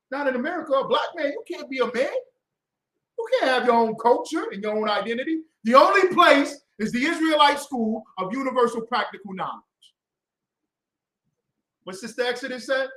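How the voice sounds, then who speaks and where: Man, street preacher; confrontational, mocking delivery with a lively, swinging pitch and roomy echo. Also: normal speed. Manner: heated, mocking, acts out voices, bursts into shouts.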